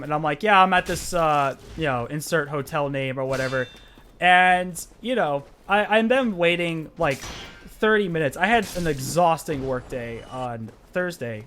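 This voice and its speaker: Young man, casual storytelling, rambling, filler words, slightly high voice, faint background noise. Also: fairly bright tone. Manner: rambling, filler-heavy, gets heated and indignant. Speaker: vlogger telling a story.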